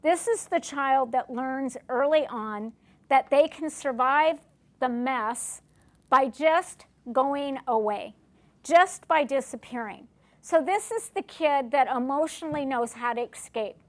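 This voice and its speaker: In a high voice, taking her time, a middle-aged woman teaches a classroom lecture on family recovery. She quizzes the audience with questions and acts out short dialogues.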